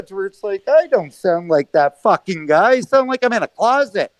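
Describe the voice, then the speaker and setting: A man's voice: high-pitched, animated, moderate pace, few pauses, dry recording. A man calling in to a hockey postgame show, ranting casually and swearing heavily on a phone or headset mic at home. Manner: heavily profane, rambling. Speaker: call-in caller. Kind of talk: rambling casual rant. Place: small room at home.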